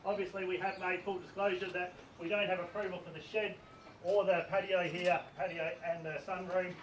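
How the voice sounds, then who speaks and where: A man's voice: high-pitched, little pitch movement, fairly quick, slight background noise. A man working as an auctioneer, projecting to a crowd outdoors as he reads out contract terms and auction conditions. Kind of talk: formal auction address. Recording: distant and roomy, picked up from afar.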